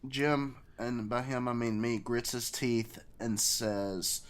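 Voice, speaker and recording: A man's voice: mid-range voice, fairly even intonation, slow, smooth. A man playing a tabletop game, joking and playful as he describes his character's actions. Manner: jokey, playful. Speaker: player.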